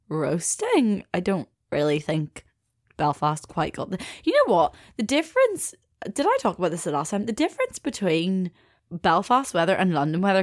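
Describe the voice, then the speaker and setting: A woman's voice: fairly low pitch, no echo, studio quality. Chatty woman podcaster. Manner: chatty, rambling, swears and laughs easily, mimics accents. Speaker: podcast host. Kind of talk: casual solo podcast chat.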